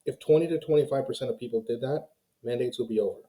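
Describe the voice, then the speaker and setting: Very dark-voiced man ranting to viewers. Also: mid-range voice, fast, poor audio. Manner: heated, ranting, talks straight to viewers as "guys". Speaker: YouTube commentary host. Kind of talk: opinionated casual commentary to camera.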